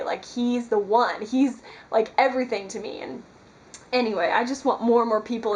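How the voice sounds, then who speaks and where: A woman's voice: mid-range voice, poor audio. A woman talking earnestly to her camera in a casual devotional vlog, rambling with many fillers. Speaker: Christian vlogger. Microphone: camera mic.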